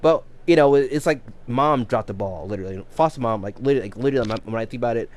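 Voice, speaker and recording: A man's voice: mid-range voice, rapid-fire, a little mellow. A man in his thirties chatting casually on a live game stream, rambling with many restarts and repeated words. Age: 30s.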